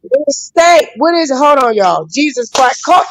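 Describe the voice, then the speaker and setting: Excitable woman host yelling at her dog. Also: high voice, measured pace, a little hiss or hum, poor audio. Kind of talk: casual live chat.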